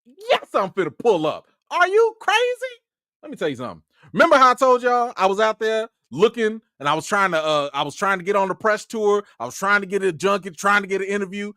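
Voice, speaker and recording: A man from Chicago, a film critic, telling a story in an excitable, animated way on his livestream. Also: quick pace, clear, resonant tone, dry recording, studio quality. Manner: animated and excitable, with sudden jumps in pitch.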